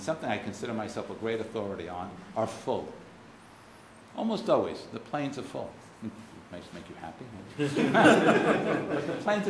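Wry American man lecturing in an echoey hall. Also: lowish voice. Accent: faded Boston. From United States. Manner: wry, digressive storyteller with blunt asides. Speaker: keynote speaker. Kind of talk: anecdotal lecture. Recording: roomy hall with faint noise.

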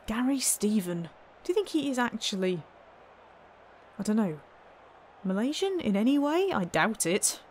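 A woman's voice: a little high, lively intonation, unhurried, a little hiss or hum. A woman commentating on her own gameplay in a wry, chatty way, full of exasperated asides. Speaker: let's play host.

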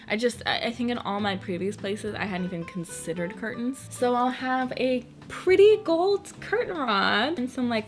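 A young woman chatting casually to camera at home in a lifestyle vlog, bubbly and excitable. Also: fairly high pitch. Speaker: lifestyle vlogger. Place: at home in her room.

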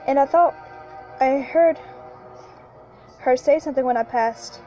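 High, mellow woman narrator for a halting, restart-heavy horror reading, dull lo-fi track. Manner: halting, with frequent restarts and repeated lines. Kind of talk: first-person horror story reading. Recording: lo-fi with faint background music.

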